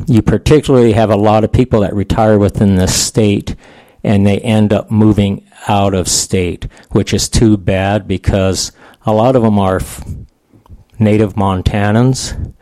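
A plain-spoken man in his sixties gives testimony to a legislative committee. He talks in a folksy, homespun way and takes his time. His voice is low and mellow, heard close and dry. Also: no echo. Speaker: veterans' advocate testifying.

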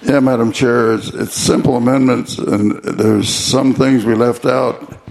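Man, legislator, slow, gravelly, halting delivery. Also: medium pitch, fairly even intonation, darkish tone. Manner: halting, with fillers and restarts. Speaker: state representative. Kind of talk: explaining a bill on the floor.

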